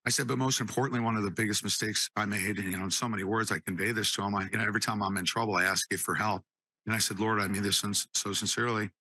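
Gravelly guy telling his testimony, stumbles and repeats, chokes up, dry close sound. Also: lowish voice, steady tone, pushed and bright, dry recording. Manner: halting, repeats words, choked up. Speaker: guest giving a testimony. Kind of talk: emotional personal testimony.

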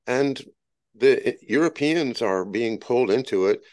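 A man talking in a casual conversation, often halting and repeating words. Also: mid-range voice, lively intonation, darkish tone.

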